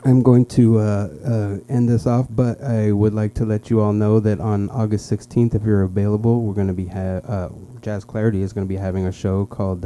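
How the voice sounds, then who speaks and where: A young man tells stand-up stories at an open mic, speaking in a mellow, dark voice from a small club stage. He stumbles and restarts chattily, jumping into high impressions of the people in his stories. A faint hum sits under the room. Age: young adult. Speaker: stand-up comic.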